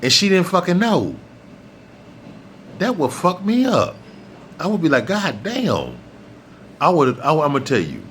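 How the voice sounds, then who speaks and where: A man's voice: fairly high pitch, sing-song, normal speed, long pauses, a bit bright, a little hiss or hum. A middle-aged man hosting his own vlog, delivering a blunt, profane, preachy rant that keeps repeating points for emphasis. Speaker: vlog host. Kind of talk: ranting monologue to camera.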